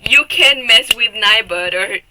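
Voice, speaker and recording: A woman's voice: fairly high pitch, unhurried, pushed and bright, soft background music, low-quality recording. A young woman streaming live, chatting with her viewers, often giggling, teasing and swearing at her chat.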